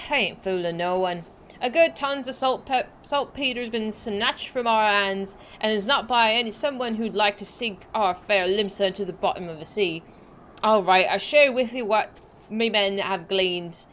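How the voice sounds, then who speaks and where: Lightly acted over slight background noise, a woman's fairly high, slightly bright voice plays a blustering male sea officer in a game. She reads the dialogue in a mock old-fashioned sailor dialect, peppered with ye, aye and ain't.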